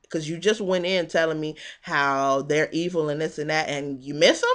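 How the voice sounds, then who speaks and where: A woman recapping a reality show in casual, animated commentary, sassy and quick to laugh. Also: lowish voice.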